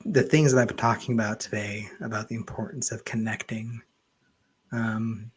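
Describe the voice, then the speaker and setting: A man answering as an interview guest, thoughtful and pausing with "um" between ideas. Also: on the low side, steady tone, breathy edge.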